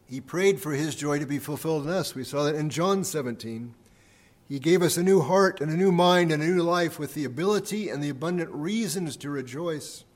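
A man's voice: a little high, animated, brisk. Man preaching an earnest sermon. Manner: earnest preaching, repeating key phrases for emphasis, volume rising and falling. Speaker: pastor. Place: church sanctuary.

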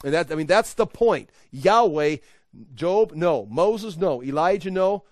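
A man teaching the Bible in an animated, conversational way, often laughing. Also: on the high side, unhurried, no echo, clean studio sound.

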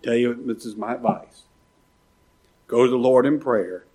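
A man's voice: mid-range voice, fairly even intonation, measured pace, pauses often, a little mellow. A man preaching a sermon in church, impassioned and pleading, his voice often rising to urgent cries. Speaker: pastor.

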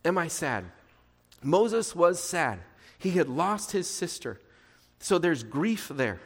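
Slow and sing-song, this pastor's slightly high voice carries a breathy edge as he delivers an earnest, conversational sermon. Rhetorical questions to the listeners and playful asides echo through a reverberant hall.

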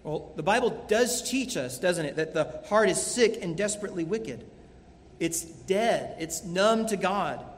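A man's voice: sits high, lively intonation, measured pace. A man preaching a sermon as a pastor, earnest and emphatic, repeating key phrases. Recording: long hall reverb.

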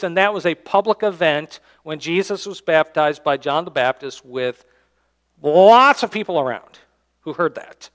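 A man, the church's pastor, preaching a sermon and reading scripture aloud, swinging between loud emphatic lines and quiet low endings. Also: a little slow. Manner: reads scripture aloud in King James wording. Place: church sanctuary.

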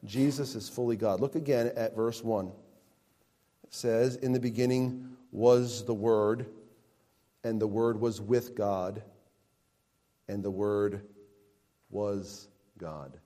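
Male pastor, unhurried emphatic sermon delivery, voice ringing in a reverberant hall. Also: medium pitch, mellow. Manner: slow, emphatic preaching with rising and falling emphasis.

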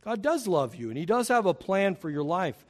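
A pastor preaches a sermon to his congregation in a sing-song, slightly mellow voice at normal speed. He speaks emphatically, his pitch and volume climbing as he drives home key points.

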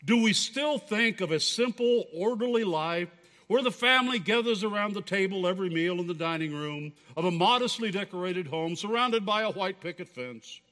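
A man preaching a sermon as pastor, in deliberate, expressive preaching, in a reverberant church hall. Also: high voice.

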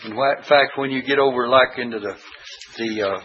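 A man preaching a sermon, reading scripture aloud with rising emphasis and halting asides. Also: mid-range voice, breathy edge, highs cut off.

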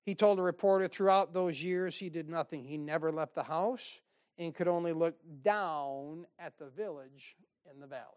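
A man's voice: a little high, normal speed, clean tone. A man preaching a sermon in a folksy, exhorting way, with asides and short laughs.

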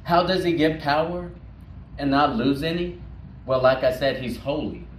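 A man preaching a sermon as pastor, slow and emphatic, repeating words for weight. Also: a little high. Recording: roomy echo, distant mic, faint noise.

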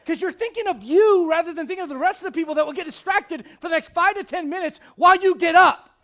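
A male pastor preaching a blunt, confrontational sermon, swinging from loud outbursts to hushed intensity. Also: very high voice, quick pace.

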